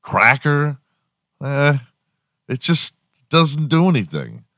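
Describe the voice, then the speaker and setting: A man's voice: on the high side, sing-song, slow, bright, forceful tone, dry recording, clean studio sound. A man in his forties hosting a solo podcast, rambling crudely and laughing at his own jokes. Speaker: podcast host. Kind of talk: solo comedic podcast rant.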